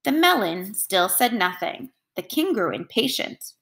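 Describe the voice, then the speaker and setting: A woman teacher reading a storybook aloud to children in a clear, expressive voice. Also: lowish voice, a little slow.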